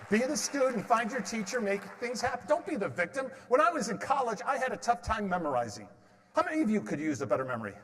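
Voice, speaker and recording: A man's voice: high-pitched, fairly bright tone. A man in his fifties giving a motivational stage talk, telling stories and quizzing his audience with questions and jokes. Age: 50s. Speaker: motivational speaker. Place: large hall with an audience. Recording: long reverb of a large hall.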